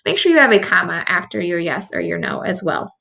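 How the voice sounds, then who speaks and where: Bright teacher lady going over answers slowly, kinda muffled lo-fi recording. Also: fairly low pitch, big pitch swings, vocal fry. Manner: patient, step-by-step explaining. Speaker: Spanish teacher. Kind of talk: recorded review lesson.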